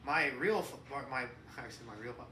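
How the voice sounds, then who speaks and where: A middle-aged man co-hosting a casual podcast as the father, rambling and profane, breaking into loud mocking rants. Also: mid-range voice, expressive, brisk, slight background noise. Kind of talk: casual chat. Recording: echoey room, distant mic.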